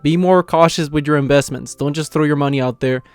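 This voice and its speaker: A young man rambles through an episode recap in casual talk, acting out characters' lines with lots of fillers. His voice is smooth and clear, close and dry on the mic. Faint music plays underneath. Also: a little high, a little fast, no room sound. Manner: rambling, retells scenes with quoted lines and filler words. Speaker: anime reaction channel host.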